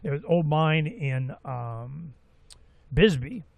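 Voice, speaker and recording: A man in his sixties giving a rambling, folksy talk-radio monologue as host, with animated asides. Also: a little high, takes it slowly, gravelly, dry recording, narrow, tinny audio. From Florida, USA. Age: 60s.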